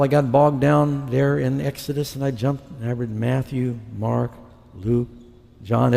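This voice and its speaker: A man's voice: mid-range voice, creaky, mellow. A middle-aged man preaching a sermon, telling his conversion story and acting out his past dialogue. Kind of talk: sermon testimony. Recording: long hall reverb.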